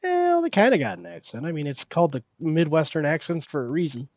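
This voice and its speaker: A man's voice: fairly high pitch, very animated, fast talker, darkish tone, dry recording. A man from Illinois teasing and joking through a casual gaming chat, on a dull lo-fi mic. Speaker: co-host gamer.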